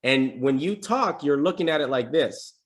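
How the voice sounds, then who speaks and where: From a home desk setup, a man coaches salespeople on a live stream, teaching casually and energetically and role-playing sample sales calls. His voice is on the high side, at a moderate pace.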